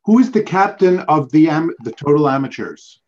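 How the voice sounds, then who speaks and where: Man hosting on a video call, chatty and animated, muffled audio. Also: fairly high pitch, normal speed. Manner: chatty, playful, sings snatches. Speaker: trivia show host. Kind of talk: casual chat over video call.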